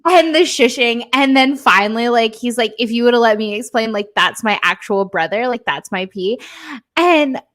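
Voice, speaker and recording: A woman co-hosting a podcast, chatting casually with a slightly high voice. She retells scenes with animated energy, dropping into quick acted-out lines for each character. Her speech is full of casual fillers. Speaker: podcast co-host. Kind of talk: casual chat recapping a show.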